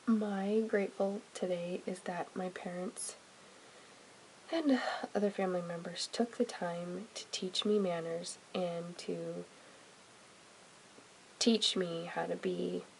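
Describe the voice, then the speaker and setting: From a closet at home, a family vlogger chats casually to the camera in a fairly low, gravelly voice. The low-quality recording carries a little hiss or hum. She rambles chattily, saying "um" and "you know" often, and drifts softer.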